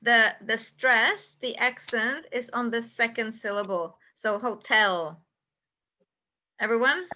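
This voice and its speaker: A woman's voice: on the high side, a little slow, hardly any pauses, sharp tone. A woman teaching a classroom English lesson, patiently checking answers one by one and repeating them. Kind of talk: classroom instruction.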